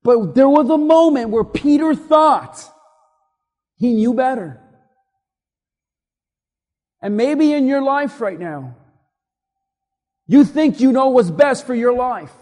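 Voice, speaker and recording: High-voiced preacher man in a reverberant hall. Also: expressive, takes it slowly, long pauses, darkish tone. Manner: emphatic preaching, repeats lines for the congregation to say along. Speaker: pastor. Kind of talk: sermon. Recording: long reverb of a large hall.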